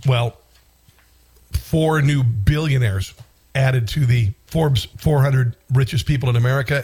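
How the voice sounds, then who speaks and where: With a mid-range, slightly mellow voice, a political talk show host rambles through an indignant monologue of commentary. He frequently restarts and erupts in outrage.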